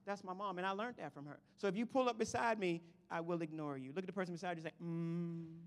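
A man preaching a lively sermon to his congregation, swinging from shouts to quiet asides. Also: high voice, rapid-fire. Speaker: pastor. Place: church sanctuary. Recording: long hall reverb.

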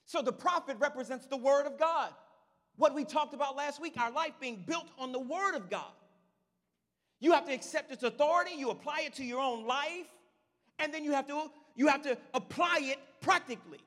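A man preaching a sermon in church, animated and talking directly to the congregation. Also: extremely high pitch, normal speed, in a large hall. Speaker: pastor.

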